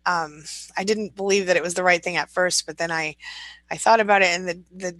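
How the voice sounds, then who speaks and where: A woman's voice: lowish voice, steady tone, a little fast, a bit bright, dry recording, poor audio. Upbeat woman reading live comments. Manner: upbeat, laughs often, reads comments aloud. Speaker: livestream host reading viewer comments. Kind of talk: casual morning live chat.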